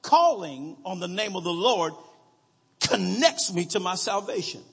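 A man preaching a sermon, slowly reading scripture aloud and calling out to his congregation for answers. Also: high-pitched, expressive, gravelly, breathy edge, big-room sound.

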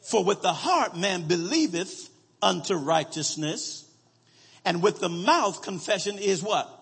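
A man preaching a sermon, slowly reading scripture aloud and calling out to his congregation for answers. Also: high-pitched, lively intonation, vocal fry, husky, in a large hall.

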